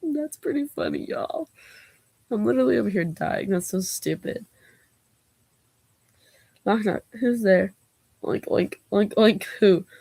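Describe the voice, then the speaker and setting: A woman's voice: medium pitch, animated, unhurried, gravelly, pauses often, mellow, breathy edge. A woman vlogger reading knock-knock jokes aloud, taking both parts herself and breaking off for giggly asides.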